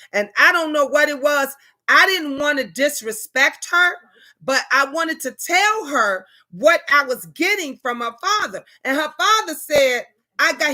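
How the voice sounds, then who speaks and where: Bright-voiced woman telling reading stories. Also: fairly high pitch. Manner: animated storytelling, quoting spirits and viewers in character. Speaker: tarot reader and channel host. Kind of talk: casual livestream chat.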